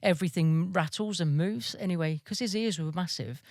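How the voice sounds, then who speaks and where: A woman's voice: fairly low pitch, a little fast, hardly any pauses, darkish tone, no room sound, studio quality. A woman army veteran being interviewed, telling stories casually, swearing freely and laughing as she goes.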